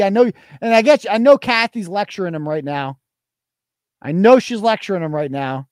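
A man's voice: sits high, animated, moderate pace, smooth, no room sound, studio quality. A man with a Boston accent hosting a livestream talk show, ranting in a mocking, combative and profane way. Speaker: podcast host.

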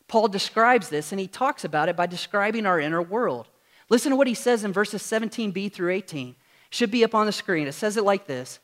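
A pastor preaching a sermon to his congregation in a church, earnest and full of rhetorical questions. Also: high voice. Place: church sanctuary with screen.

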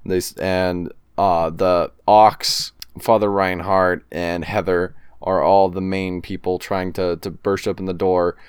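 A man co-hosting a podcast, slowly describing a spooky story scene in a measured storytelling way. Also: low-pitched, little pitch movement, smooth, no room sound, clean studio sound. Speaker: podcast co-host.

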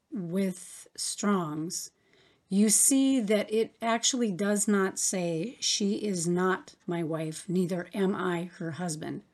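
A woman records a relaxed Bible study at an unhurried pace, stopping often to think aloud with small fillers. Her voice sits in a middle range, and she reads scripture passages between her comments. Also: medium pitch.

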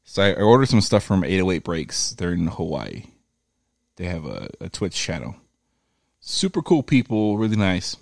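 A man's voice: deep voice, gravelly, dry recording, clean studio sound. A man casually telling a profane story in a chat, acting out the people in it. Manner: profane, animated retelling with quoted voices.

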